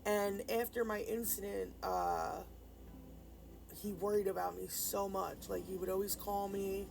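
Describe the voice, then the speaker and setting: A woman's voice: medium pitch, animated, a little slow, vocal fry, a little mellow, a little hiss or hum, low-quality recording. A woman vlogger casually telling a rambling personal story, full of fillers and restarts. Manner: subdued and grieving in later part. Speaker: nail art vlogger.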